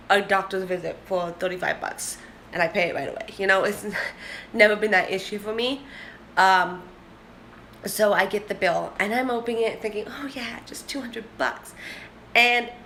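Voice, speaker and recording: A woman's voice: medium pitch, a bit bright, slight background noise. A young woman in a casual vlog, chatting candidly and rambling to the camera. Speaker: vlogger.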